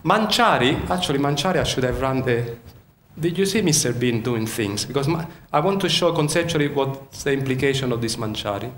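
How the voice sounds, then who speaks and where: A man's voice: medium pitch, expressive, fairly quick, a little hiss or hum. Italian-accented man lecturing in an echoey hall. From Sicily, Italy. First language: Sicilian. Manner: quizzes the audience, frequent restarts. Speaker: university lecturer. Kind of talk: interactive keynote lecture.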